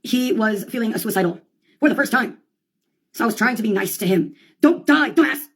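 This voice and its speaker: A woman delivering a rambling, profane comic monologue full of deadpan asides. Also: medium pitch, brisk, slightly rough. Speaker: comedian.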